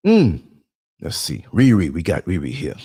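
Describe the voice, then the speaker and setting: A man's voice: low voice, normal speed, breathy edge. A man giving a blunt, streetwise motivational monologue on his podcast, acting out bits of dialogue as he tells stories. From New York. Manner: streetwise, blunt, animated storytelling with acted-out quotes.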